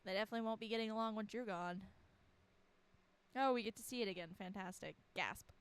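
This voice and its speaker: A woman's voice: medium pitch, quick pace, clear, resonant tone. A woman giving casual commentary as she plays a horror game, with wry, sarcastic asides. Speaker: let's play streamer.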